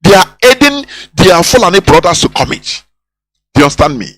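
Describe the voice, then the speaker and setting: A man's voice: high-pitched, very animated, brisk, fairly bright tone, dry recording, poor audio. Preachy man on the radio. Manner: preachy, repetitive, rhetorical questions. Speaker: radio host. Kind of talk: impassioned radio monologue.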